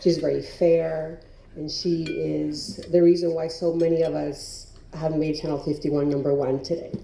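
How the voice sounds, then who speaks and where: A woman's voice: low-pitched, flat delivery, measured pace, vocal fry, mellow, a little hiss or hum. A woman in her fifties, a TV reporter, giving an emotional acceptance speech in a hotel ballroom, laughing often as she thanks people. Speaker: award honoree, TV reporter. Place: large hotel ballroom at a luncheon. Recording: roomy hall sound from a distance.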